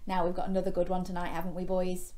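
A woman's voice: lowish voice, completely flat delivery, fast, mellow. A woman hosting a bedtime story reading, speaking directly to young listeners. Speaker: storyteller host.

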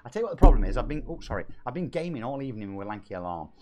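A man talks casually on a game stream. He reads messages aloud and jokes along in a chatty way, with a mid-range voice that swings lively up and down. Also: mid-range voice, rapid-fire. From Nottingham, England. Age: 40s. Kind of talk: casual live-stream chat.

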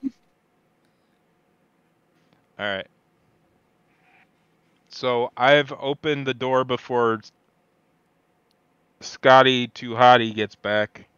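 A man's voice: mid-range voice, slow pace, long pauses, clean tone, no echo, dull audio. A man playing a tabletop game, talking casually with crude jokes. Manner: animated, crude banter. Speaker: player.

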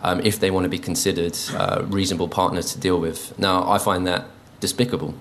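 A man's voice: deep voice, little pitch movement, a little fast, gravelly, a bit bright, a little hiss or hum. A man giving an informal conference talk, hesitant and full of ums, with an indignant edge. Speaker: conference speaker. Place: conference venue.

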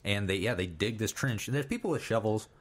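A young man with a low, deep voice talks through cartoon episodes on a podcast. He stops and restarts often, uses plenty of fillers, and quotes the characters as he goes. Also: lively intonation. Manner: halting, with many fillers, restarts and quoted lines. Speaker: podcast co-host. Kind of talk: casual chat recapping a cartoon. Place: studio.

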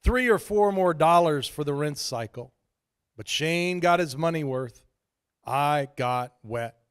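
A man's voice: fairly high pitch, animated, takes it slowly, smooth. Wry storytelling man from Idaho. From Idaho, USA. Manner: wry, self-deprecating storytelling. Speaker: preacher. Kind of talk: storytelling sermon.

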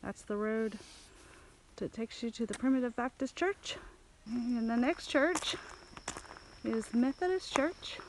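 Strolling an outdoor park loop on a rural road, a woman vlogs to her camera, casually venting and noting sights along the way. She speaks on the high side, slowly, with long pauses; insects are faintly audible, plus a little hiss or hum.

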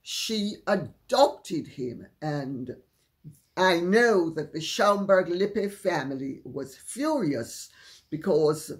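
A woman's voice: fairly low pitch, lively intonation, extremely slow. A woman hosting her own channel, telling a gossipy story in a chatty, candid way with frank asides. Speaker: channel host.

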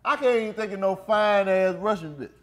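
A man's voice: high voice, brisk, a bit bright. A man joining a comedy podcast as a guest, talking emphatically and profanely, often stammering before his point. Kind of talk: crude comedic banter.

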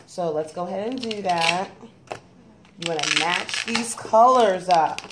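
A young woman gives her toddler a gentle lesson on colors and letters at home, patient, coaxing and generous with praise. Her voice is on the low side and a little slow, and the recording is very noisy.

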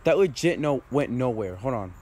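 A man's voice: medium pitch, lively intonation, moderate pace, a little mellow, a little hiss or hum. A young man performing a casual improvised comedy skit, voicing several friends who bicker in whiny, slangy banter full of fillers.

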